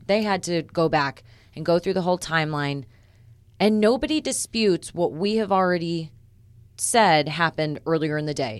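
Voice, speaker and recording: A female reporter co-hosts a true-crime podcast with a low, steady voice. She walks through facts in a measured, methodical way. The recording is close and dry, with no room sound. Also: no echo. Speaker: reporter and co-host.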